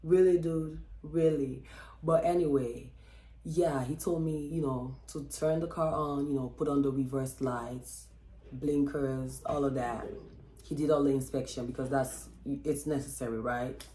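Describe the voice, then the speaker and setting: A woman vlogger telling a personal story in a chatty, expressive way, with lots of fillers and acted-out quotes. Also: a bass voice, moderate pace, roomy sound. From Texas. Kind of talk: casual storytelling vlog.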